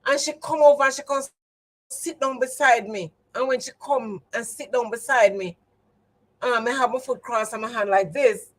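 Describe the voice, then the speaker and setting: A woman's voice: a little high, normal speed, poor audio. Emphatic Jamaican woman telling her story. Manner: emphatic and repetitive, testimony-like. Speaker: livestream host. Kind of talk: casual storytelling to viewers.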